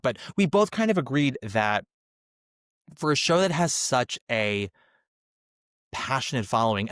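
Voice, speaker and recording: A man hosting a podcast, giving a casual, animated solo review with chatty asides. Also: mid-range voice, no room sound, studio quality. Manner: chatty and animated, slips into mocking impressions. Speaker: podcast host, theater reviewer.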